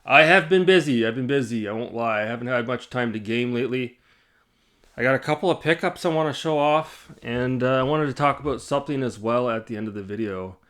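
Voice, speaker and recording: A man's voice: medium pitch, fairly quick, a bit bright. Blunt, rambling man vlogging about games. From Canada. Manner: blunt, rambling, swears, laughs at himself. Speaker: gaming channel host. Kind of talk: casual vlog chat. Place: indoors, side-lit room. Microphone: on camera.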